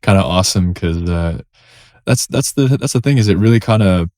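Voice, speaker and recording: A man's voice: low voice, brisk, darkish tone, dry recording, studio quality. A man co-hosting a podcast, reacting to a clip in a rambling, casual way full of fillers.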